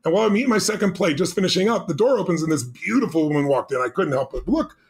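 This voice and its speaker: A man telling a story as a podcast guest, animated and emphatic, acting out the quotes. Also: high voice, racing.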